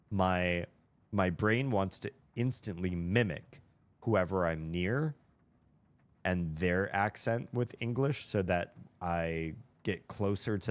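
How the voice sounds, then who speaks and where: This low-voiced man from the United States is a streamer who talks casually to his viewers as he games. He rambles and thinks out loud in a neutral General American accent.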